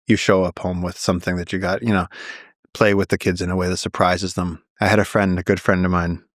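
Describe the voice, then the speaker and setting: Low-voiced man, animated storyteller. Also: a little fast, dry recording, studio quality. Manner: animated, tumbling phrases with many restarts. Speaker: guest, naturalist. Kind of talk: casual storytelling conversation.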